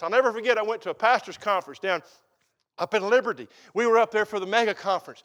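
A man's voice: sits high, fast, fairly bright tone. A middle-aged man preaching a sermon as pastor, folksy and emphatic.

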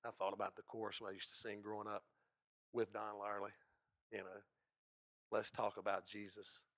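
A man, a pastor preaching a sermon and swinging from hushed low stretches to loud, high bursts. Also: level tone, fairly quick, no echo, studio quality.

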